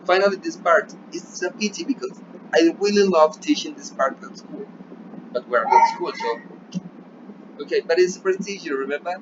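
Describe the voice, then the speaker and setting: In a recorded online class, a male English teacher with a Colombian Spanish accent guides his students, moving between English and Spanish and frequently stopping to ask "yeah?". His voice is slightly higher than the typical man's. The audio is muffled and low-fidelity, with noticeable background noise.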